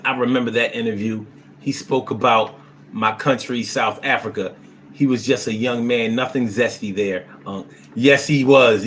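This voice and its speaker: With slight background noise behind his mid-range voice, a streamer reads comments from his chat aloud and answers them. He talks casually but bluntly, swears a lot, and periodically bursts into loud, animated exclamations.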